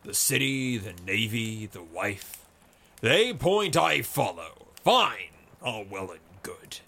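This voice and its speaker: A man's voice: fairly low pitch, sing-song, slow pace, gravelly, bright, forceful tone, heavily acted. Man voicing Blazefeather, a roaring bold sea captain. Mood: brooding. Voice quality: roaring, impassioned. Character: swaggering adult male sea captain, loud and rhapsodic.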